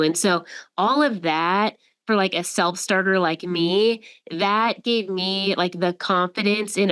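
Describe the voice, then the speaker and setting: A woman's voice: medium pitch, steady tone, slow, fairly bright tone, smooth. A woman in her forties, a company CEO, speaking reflectively in a casual chat. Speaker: CEO and former legal counsel.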